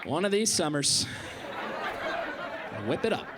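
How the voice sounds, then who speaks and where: A man's voice: a little high, big pitch swings, a little slow, a loud crowd, heavy background noise. A man doing stand-up on a comedy club stage, sarcastic and incredulous.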